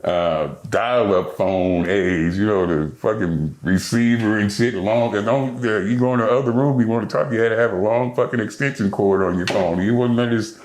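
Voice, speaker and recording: Older man, deep, profane storyteller. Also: moderate pace, few pauses, roomy sound. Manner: animated, profane storyteller acting out others' lines. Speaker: podcast guest. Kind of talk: storytelling interview.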